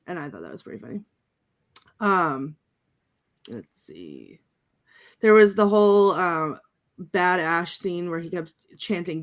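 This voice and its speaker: A woman's voice: lowish voice, animated, slow, pauses often. A woman on a film review panel, chatting casually, rambling and giggly, with lots of ums and restarts as she hunts for her favorite lines. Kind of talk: casual group chat about a film.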